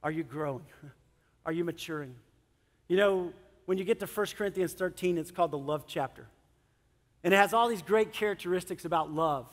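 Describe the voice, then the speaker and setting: A middle-aged male pastor preaching a sermon, animated, swinging between loud emphasis and soft, earnest moments. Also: a little high, moderate pace, pauses often. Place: church sanctuary. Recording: long church hall reverb.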